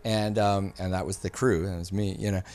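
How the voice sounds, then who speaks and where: A man, a filmmaker guest on a podcast, telling a story in a casual, animated way and acting out the people he quotes. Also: sits low, a little fast. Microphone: studio mic.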